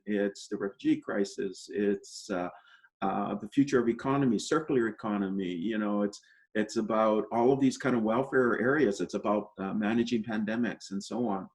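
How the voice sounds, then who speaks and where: Male interview guest, lowish voice, steady measured explainer, leans on "you know" and "right?", upbeat outlook. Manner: optimistic explainer. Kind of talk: conversational interview answers.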